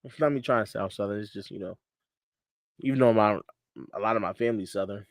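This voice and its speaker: A man's voice: on the low side, quick pace, dry recording. Chill guy from connecticut talking sports on his stream, dry close mic, easygoing and chuckly. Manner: laid-back, laughs often, repeats himself. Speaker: podcast host. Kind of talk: casual sports chat. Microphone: studio mic on a livestream.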